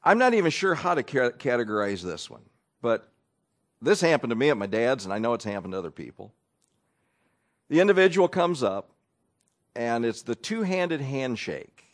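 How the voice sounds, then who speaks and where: A pastor preaching in a folksy, conversational way, wry and quick to act out people's voices. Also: male voice, mid-range voice, big pitch swings. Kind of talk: conversational sermon.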